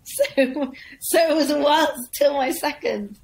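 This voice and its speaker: A woman's voice: high-pitched, slow, creaky, a little hiss or hum, low-quality recording. A woman comedian telling an anecdote in a casual interview, acting out the people she describes. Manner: lively storyteller acting out voices. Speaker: comedian guest.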